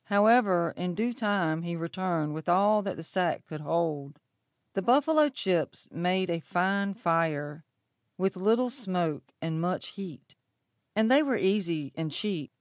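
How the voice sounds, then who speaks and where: Woman storybook narrator, deep-set and unhurried, measured delivery. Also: expressive, no echo, clean studio sound. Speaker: audiobook narrator.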